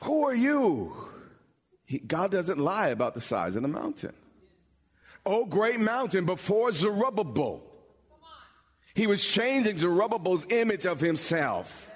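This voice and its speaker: A pastor preaching a sermon, building from explanation to bold, emphatic calls with dramatic pauses. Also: male voice, high voice, very animated, slightly rough. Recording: long hall reverb.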